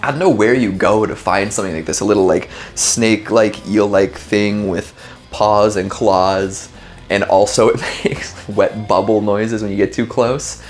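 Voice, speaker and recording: A man's voice: lowish voice, fairly even intonation, a little slow, faint music behind. A man hosting a casual video, reacting to clips with lots of fillers and laughter. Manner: chatty, laughs often, filler-heavy. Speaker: host.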